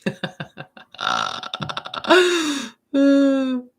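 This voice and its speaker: A woman's voice: high voice, wildly swooping pitch, extremely slow, vocal fry. A woman in her thirties hosting a spiritual workshop live stream, chatting with viewers and tagging sentences with okay and right. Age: 30s. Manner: laughs often between sentences. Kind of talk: live stream chat answering viewer questions.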